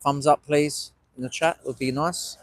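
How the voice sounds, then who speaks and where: A man's voice: fairly high pitch, steady tone, moderate pace. A man rambling casually to his live-stream viewers from a street protest, speaking into a small wearable mic. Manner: rambling, chatty, talks to chat viewers. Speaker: livestreaming citizen journalist.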